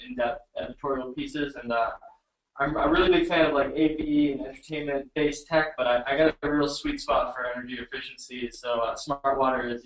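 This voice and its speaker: A man's voice: medium pitch, fairly bright tone, recorded from a distance. A man with a mid-range voice chats casually as a webcast co-host, dropping frequent fillers. He sounds off mic in an echoey room. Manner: casual, lots of "you know" fillers. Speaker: staff writer, co-host. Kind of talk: casual chat.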